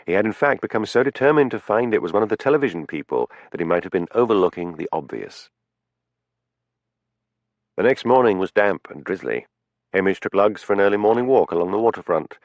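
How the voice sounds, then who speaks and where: A man narrating a cozy mystery audiobook with expressive storytelling. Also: fairly low pitch, brisk, no echo. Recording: dull, muffled studio audio.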